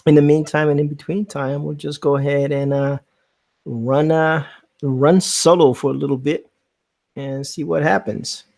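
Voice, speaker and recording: A man's voice: fairly high pitch, unhurried, vocal fry. A man hosting a casual live stream, chatting easily and greeting viewers while he inks a drawing. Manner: relaxed, chatty, reads out viewer comments. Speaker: streaming host.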